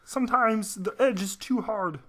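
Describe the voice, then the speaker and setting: A man putting on a goofy, squeaky falsetto as a giddy male cartoon frog puppet. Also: normal speed, a bit bright.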